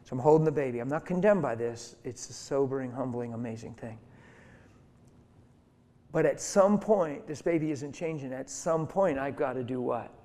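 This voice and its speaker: A man's voice: medium pitch, moderate pace, warm tone. A man preaching a sermon as a story, emphatic and conversational, acting out the voices of the people in it. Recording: hall reverb.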